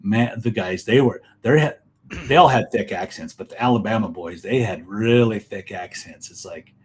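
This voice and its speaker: Low-voiced man telling hunting stories. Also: moderate pace, a little mellow, slight background noise. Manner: rambling anecdotal storytelling. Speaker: guest, elk hunting expert. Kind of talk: casual podcast conversation.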